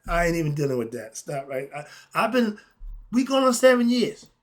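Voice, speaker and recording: A middle-aged man, giving a blunt, ranting opinion monologue that swings between muttering and loud outbursts. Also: on the high side, sing-song, normal speed. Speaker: commentary vlogger.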